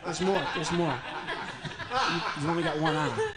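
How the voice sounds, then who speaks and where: Here a man with a fairly high, expressive voice does stand-up alongside a puppet at a moderate pace, poor audio quality throughout. He's a comedian and ventriloquist entertaining a virtual audience from home. His humor is self-mocking, and he keeps up banter with the crowd.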